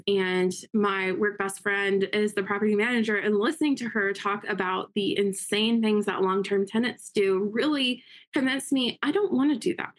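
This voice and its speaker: A woman guest in an interview, telling her story in a quick, upbeat way and acting out quotes. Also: medium pitch. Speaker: interview guest, realtor and investor. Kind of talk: casual interview talk.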